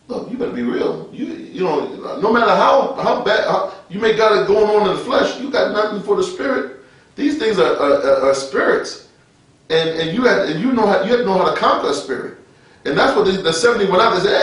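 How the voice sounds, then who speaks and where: A man with a high voice preaches a loose, conversational sermon for online radio. He talks street-style, chuckles often and restarts his sentences. He sits back from the mic in a very echoey room. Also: lively intonation, brisk, recorded from a distance. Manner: colloquial, street-talking, chuckling, frequent restarts. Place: his office.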